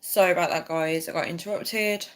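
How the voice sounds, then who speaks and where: A woman's voice: lowish voice, fairly even intonation, a little fast. A woman chatting casually on a livestream, rambling and reading out viewer comments. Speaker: livestream host.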